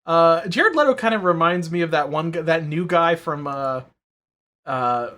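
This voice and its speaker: A man's voice: fairly high pitch, lively intonation, a little slow, bright, forceful tone. A man co-hosting a podcast in casual chat, rambling and swearing, full of fillers and restarts. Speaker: podcast co-host.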